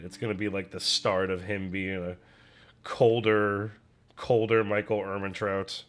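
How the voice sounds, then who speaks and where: A man's voice: on the low side, flat delivery, unhurried. A young adult man streaming from home, chatting casually while he paints, in a rambling, self-deprecating way. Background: faint music.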